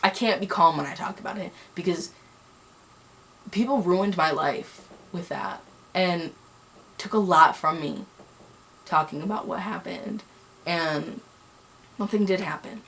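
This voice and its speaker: A woman's voice: lowish voice, measured pace, pauses often, fairly bright tone. A young woman telling a personal story on a vlog, angry and heated, rambling with many restarts. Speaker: vlogger.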